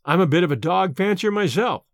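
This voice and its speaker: A curt young medical student, voiced by a male narrator, lower and slower than the storyteller's telling. He brushes things off in clipped replies. The sound is close and dry. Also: lively intonation, dry recording. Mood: curt, skeptical.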